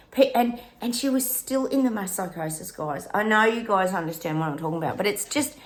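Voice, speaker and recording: A woman's voice: mid-range voice, expressive, a little fast, hardly any pauses. A middle-aged woman with an Australian accent, a psychic vlogger venting in a casual rant straight to her viewers. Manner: frustrated, venting, talks straight to her audience.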